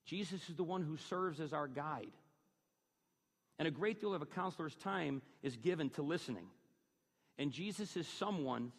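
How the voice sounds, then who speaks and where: Man preaching in a reverberant hall. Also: on the high side. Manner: emphatic preaching, rising on key phrases. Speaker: pastor. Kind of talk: sermon.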